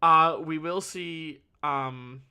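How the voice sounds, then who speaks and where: A man's voice: on the high side, very slow, pushed and bright, smooth. A man calling a card game tournament solo, analytical and thinking aloud, correcting himself as he goes. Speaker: tournament caster.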